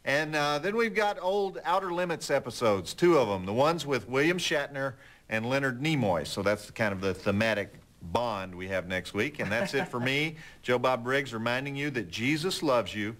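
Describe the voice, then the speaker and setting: A middle-aged man hosting a late-night movie show, telling stories and jokes in a wry, deadpan way. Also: mid-range voice, normal speed. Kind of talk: folksy TV host patter and joke telling.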